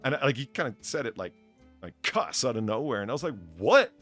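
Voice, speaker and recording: A man's voice: mid-range voice, expressive, quick pace, a bit bright, faint music behind. A man hosting a podcast, rambling and cursing through crude comedic banter with lots of stammering restarts. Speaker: podcast host.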